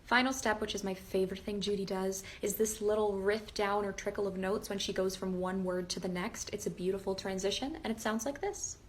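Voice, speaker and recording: A woman's voice: medium pitch, fairly even intonation, fairly quick, few pauses, a little hiss or hum. A young woman giving an upbeat, step-by-step vocal tutorial, plainly explaining how to imitate singers. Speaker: singer and impressionist teaching vocal impressions.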